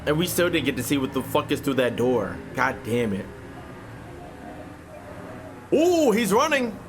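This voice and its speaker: Loud, profane man reacting. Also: mid-range voice, very animated, a little slow, soft background music. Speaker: streamer reacting to a video. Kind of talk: reaction commentary.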